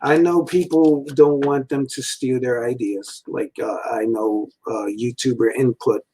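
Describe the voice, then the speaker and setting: A man's voice: medium pitch, steady tone, a little slow, warm tone, breathy edge, poor audio. A man in his forties giving a casual, meandering rant from a room at home, full of fillers and frequent chuckles. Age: 40s. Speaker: toy and cartoon reviewer.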